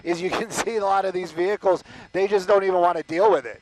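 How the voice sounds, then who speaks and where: A man from the Los Angeles area, a news anchor giving chatty live commentary on a police chase, exclaiming and filling pauses with "uh". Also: sits high, steady tone, rough recording. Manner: chatty, exclaiming, lots of fillers.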